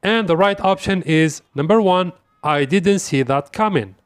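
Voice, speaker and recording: A man hosting an English lesson as a quiz, saying each example phrase slowly and deliberately and repeating it. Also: sits high, smooth, dry recording, studio quality. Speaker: English teacher. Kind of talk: quiz-style language lesson.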